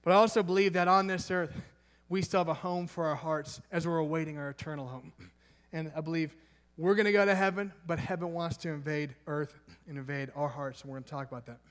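A man's voice: on the high side, steady tone, brisk. A young man preaching a conversational sermon, enthusiastic and chatty, with laughs and asides. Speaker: pastor.

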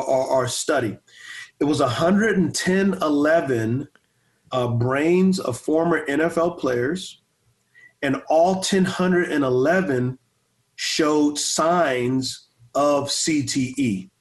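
A man in his forties, a pastor and former football player, telling stories in a casual interview with energy, repeating words and stuttering a little. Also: fairly high pitch. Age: 40s.

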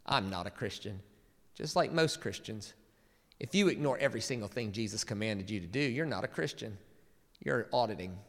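A man reading a quote aloud from the pulpit in a put-on American Southern accent, loud and emphatic, with long hall reverb. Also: on the low side, expressive, moderate pace. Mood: mocking. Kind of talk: sermon.

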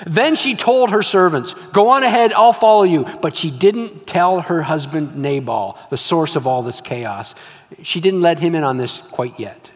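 A man's voice: fairly high pitch, a little slow. A male pastor preaching a sermon, telling stories and acting out scenes with emphatic repetition. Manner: animated storytelling, acts out scenes, emphatic repetition. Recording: long reverb of a large hall.

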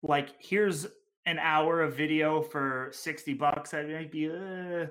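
Podcast co-host, male, slightly high voice, rambling and enthusiastic. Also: fairly even intonation, a little slow, a bit bright. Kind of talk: casual chat.

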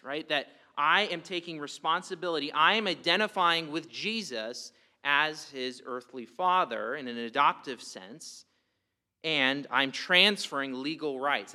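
Man, sermon, bright ringing tone, slightly high voice, emphatic, repeats himself. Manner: emphatic, rhetorical questions, repeats words. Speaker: pastor.

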